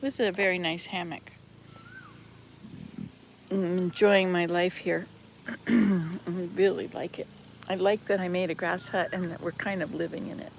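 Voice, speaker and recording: A woman's voice: lowish voice, fairly even intonation, measured pace, pauses often, a little hiss or hum. An older woman chatting casually in a travel vlog, rambling and correcting herself as she goes, filming outdoors by a hut. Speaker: vlogger. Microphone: handheld camera.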